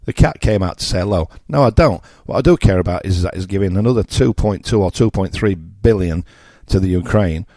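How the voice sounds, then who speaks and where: A man's voice: low-pitched, brisk, few pauses, warm tone, dry recording, studio quality. A man in his sixties from England with a Yorkshire accent, presenting a radio show in a blunt, mocking, conversational monologue with asides. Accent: Yorkshire English.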